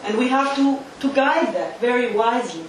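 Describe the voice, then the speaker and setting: Woman, lecturer, emphatic and animated, high voice, distant mic, very echoey hall. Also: moderate pace. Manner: emphatic, uses volunteer demonstrations. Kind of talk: interactive lecture. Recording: echoey hall from far off, faint noise.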